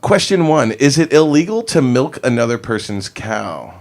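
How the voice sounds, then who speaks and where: A man's voice: medium pitch, very animated, moderate pace, a little mellow. A man hosting a casual talk show, dry and easygoing, reading out quiz questions. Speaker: host. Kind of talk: casual chat.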